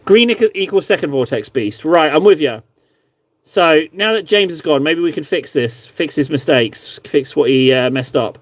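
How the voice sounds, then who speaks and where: A man's voice: fairly high pitch, lively intonation, normal speed, dry recording. A man chatting casually on a live stream, reviewing viewers' painted miniatures in a rambling, self-mocking, playful way.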